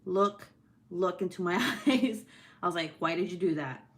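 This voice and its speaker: A woman's voice: on the low side, animated, normal speed. A young woman and mother talking casually to her viewers at home, blunt and profane, laughing often and breaking off to deal with her kids. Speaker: vlogger and mother. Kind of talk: casual talking-to-camera vlog. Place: at home, with children nearby.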